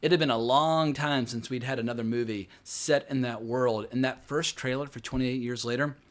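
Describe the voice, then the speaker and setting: A man giving casual box office commentary on films, animated and conversational, with frequent swearing. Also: mid-range voice, normal speed. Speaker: film commentator.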